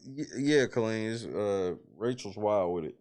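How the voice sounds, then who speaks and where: A man hosting a casual talk show, reacting to a reality show with animated, profane disbelief. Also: fairly low pitch, a little slow. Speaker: host.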